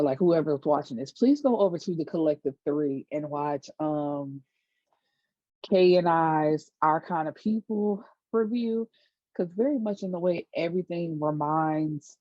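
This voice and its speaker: A woman's voice: low-pitched, warm tone, no room sound. A woman giving a casual, chatty TV episode recap, retelling scenes with lots of fillers. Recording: dull lo-fi dry recording.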